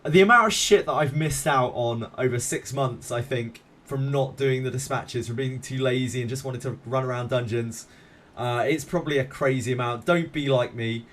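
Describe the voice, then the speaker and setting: A man's voice: mid-range voice, normal speed, fairly bright tone. A man streaming a game live, chatting casually with viewers in a laid-back, self-mocking way and swearing freely.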